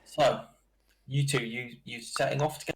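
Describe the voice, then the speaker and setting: A man, narrating a tabletop game as dungeon master in an easygoing, halting way with many fillers. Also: mid-range voice, steady tone.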